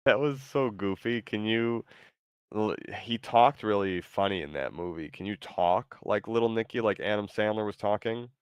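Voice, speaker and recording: A man with a very deep, smooth, resonant voice, hosting a stream and chatting casually. He talks hesitantly, stopping on fillers and restarting his sentences. The sound is close and dry. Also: moderate pace, dry recording, dull audio. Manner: hesitant, lots of ums and restarts. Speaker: streamer host. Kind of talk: casual chat, reading viewer messages.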